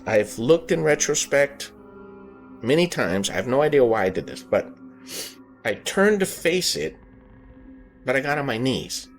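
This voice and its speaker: A man hosting a podcast, telling a personal paranormal story in an earnest, halting way, often circling back to rephrase himself. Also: medium pitch, very animated. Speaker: podcast host. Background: background music.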